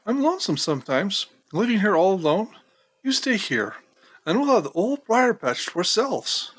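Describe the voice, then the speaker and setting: A man voicing a gentle, cheerful male rabbit who talks in a coaxing, chirpy way. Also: high voice, sing-song, normal speed, voice pushed up, heavily acted. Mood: reassuring. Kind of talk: storybook character voice.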